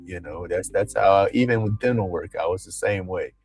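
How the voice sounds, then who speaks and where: A man's voice: low voice, normal speed, hardly any pauses. A middle-aged man, chatting casually on a livestream, rambling and laughing often. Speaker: livestream host. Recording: faint music behind.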